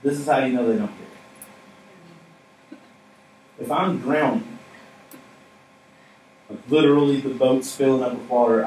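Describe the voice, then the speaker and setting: A man's voice: mid-range voice, darkish tone. Man preaching in an echoey hall. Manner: conversational, joking, asks the audience questions. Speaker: pastor. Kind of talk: sermon. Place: stage in a church hall. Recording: echoey room from far off with faint noise.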